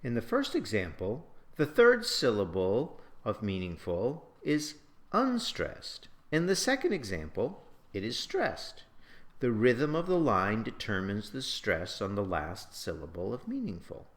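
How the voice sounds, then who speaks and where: A man's voice: on the low side, huge pitch swings, measured pace. A man narrating a poetry lesson, patiently explaining stress and sounding out syllables. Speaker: poetry teacher. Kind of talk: scripted lecture narration.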